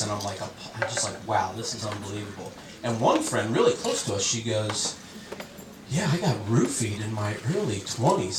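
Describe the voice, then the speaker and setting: A man's voice: fairly low pitch, far from the mic. A man doing a stand-up comedy set on a club stage, telling stories conversationally and acting out the people he quotes. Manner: conversational storytelling, acts out quotes. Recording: roomy club sound from off-mic. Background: audience laughter.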